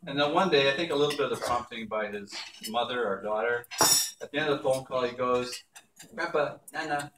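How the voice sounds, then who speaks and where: An older man giving a storytelling speech at an awards ceremony, with warm anecdotes and playful voiced quotes. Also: mid-range voice, background noise. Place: banquet hall. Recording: echoey hall from far off with dish clatter.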